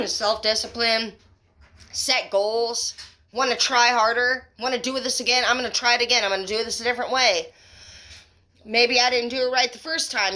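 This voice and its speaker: Bright, excitable woman reading tarot. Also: on the high side. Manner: excitable, profane and emphatic, gushing praise; affectionate pet names, conversational fillers. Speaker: tarot reader. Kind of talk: tarot reading vlog addressed to viewers.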